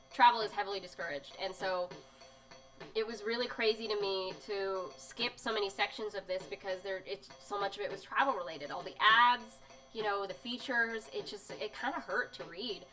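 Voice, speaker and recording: Soft music sits behind a woman streaming live as she shows zines and reads magazine passages aloud in a relaxed, chatty way, full of fillers and emotional comments. Her pitch is medium, and the recording is low quality.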